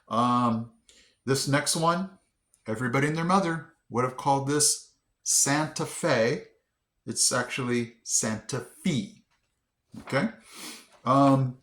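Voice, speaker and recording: A man's voice: mid-range voice, fairly bright tone. Chatty man vlogging in an echoey room. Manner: sounds out words haltingly, many fillers. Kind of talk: casual chat to camera.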